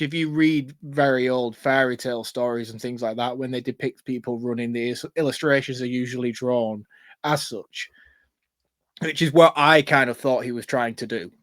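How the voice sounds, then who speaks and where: Blunt man, mid-pitched, dry sound. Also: dry recording. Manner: blunt, expressive, swears freely. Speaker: podcast co-host. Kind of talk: casual film review chat.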